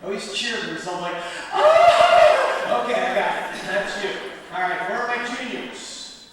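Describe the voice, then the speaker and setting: High-voiced man speaking in an echoey hall. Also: fairly quick, background noise. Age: 50s. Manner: animated, joking with the crowd. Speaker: motivational speaker. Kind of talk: school assembly speech. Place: large school gym or auditorium. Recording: echoey hall from far off, faint ambience.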